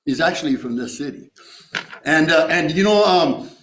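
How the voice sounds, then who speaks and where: A man's voice: fairly high pitch, lively intonation, normal speed, a bit bright, echoey room, rough recording. A man sharing his recovery story at a meeting, streetwise and profane, tossing in "you know" and "right?". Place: meeting room.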